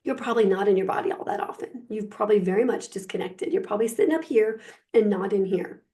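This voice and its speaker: A woman life coach speaks to her listeners in a casual, lively way. Her voice sits in an ordinary middle pitch. She stresses key words and keeps checking in with her listeners. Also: fast talker. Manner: lively, emphatic, chatty with many fillers. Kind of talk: casual spiritual coaching talk.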